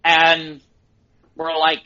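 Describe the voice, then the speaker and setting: A middle-aged man, a podcast co-host, telling excited stories in casual chat and laughing at them himself. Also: on the high side, very slow, muffled recording. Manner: excitable storyteller, laughs at his own stories.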